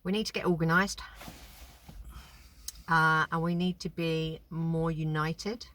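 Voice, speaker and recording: Lady, bright tense voice, animated and indignant, casual chat. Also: deep voice, dry recording.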